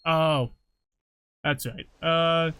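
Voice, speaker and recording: A man's voice: a little high, fairly even intonation, extremely slow, a bit bright, clear, resonant tone. A man co-hosting a casual let's play, joking, laughing and reading game lines aloud in put-on voices. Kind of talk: casual gaming commentary.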